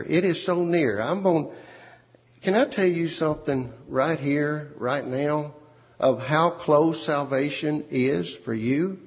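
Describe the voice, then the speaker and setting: A man preaching a sermon, repeating words and phrases for emphasis. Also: on the high side. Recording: long hall reverb.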